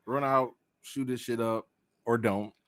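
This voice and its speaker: A man's voice: mid-range voice, steady tone, measured pace, no echo, studio quality. Joking, profane podcast co-host man. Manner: joking, profane, offhand banter. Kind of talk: casual chat.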